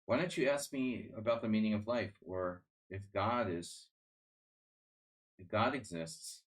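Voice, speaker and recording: On a chess live stream, a man with a lowish voice speaks at a measured pace. His talk is casual, rambling, and sardonic, packed with restarts and fillers.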